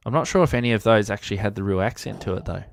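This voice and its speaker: A man's voice: lowish voice, very fast, vocal fry, no echo, studio quality. An Australian man hosting a casual live-stream chat, joking around, laughing often and reading out viewer comments. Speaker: host of a ham radio channel.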